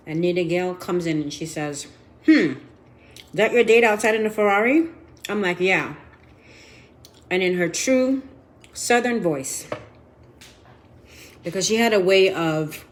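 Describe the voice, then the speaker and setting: A woman's voice: on the low side, a little hiss or hum. A woman in her fifties giving a frank, profane confessional vlog. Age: 50s. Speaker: vlogger.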